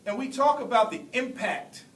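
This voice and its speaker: A man in his forties from Brooklyn giving an earnest motivational keynote speech, telling stories with deliberate pauses. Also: fairly bright tone. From Brooklyn, New York. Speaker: keynote speaker. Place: large hall at a ceremony. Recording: echoey hall, distant mic, faint rumble.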